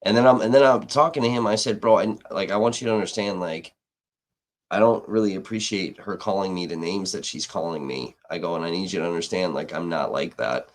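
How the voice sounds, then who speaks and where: Low-voiced and brisk, a man on a live stream chats casually through a heated, meandering story. He curses freely and often breaks off to restart his sentences.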